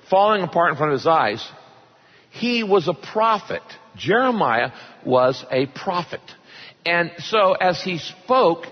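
A man's voice: fairly high pitch, breathy edge. A man preaching a sermon, joking with the congregation and reading scripture with dramatic emphasis. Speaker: pastor. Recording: long hall reverb, dull lo-fi sound.

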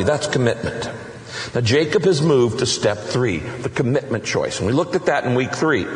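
A man preaching a sermon as a pastor, emphatic and full of rhetorical questions, shifting between fast bursts and slow stressed words. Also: mid-range voice, very animated. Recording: echoey large hall with long reverb.

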